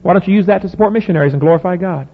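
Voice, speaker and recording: A man's voice: high-pitched, racing, slightly rough. A middle-aged man preaching a sermon in a folksy, emphatic way, full of rhetorical questions. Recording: phone-like audio in a reverberant hall.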